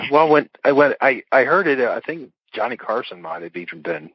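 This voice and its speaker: A man's voice: medium pitch, very animated, moderate pace, breathy edge, dry recording. A middle-aged man, an author guest in a casual interview, rambling through stories with fillers and chuckles. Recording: dull dry lo-fi audio.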